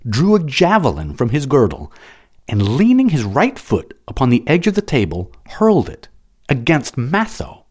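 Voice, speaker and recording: A man reading a novel aloud as an audiobook narrator, dramatic and expressive. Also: mid-range voice.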